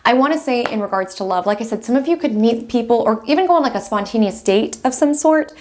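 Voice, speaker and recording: A young woman hosting an astrology video, talking in a lively, chatty way from a room at home, often laughing between thoughts. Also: fairly high pitch, fast talker. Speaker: astrology host. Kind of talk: casual astrology vlog talk. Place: room at home with window open.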